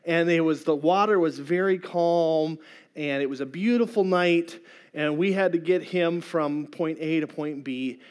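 Middle-aged male pastor with a slightly high voice, earnest storyteller, sermon delivery. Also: measured pace, a little mellow, clear, resonant tone.

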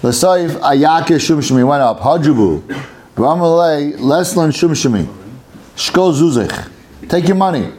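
A man leading a casual Talmud study session. He reads the Aramaic text aloud and explains it in English, acting out the case with lively back-and-forth. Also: fairly high pitch, slow pace.

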